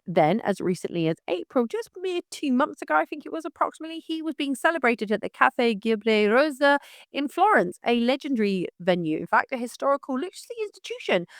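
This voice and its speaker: A woman's voice: a little high, no room sound, clean studio sound. A woman hosting her own podcast, giving outspoken and emphatic commentary in a direct manner. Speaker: podcast host. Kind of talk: opinionated commentary.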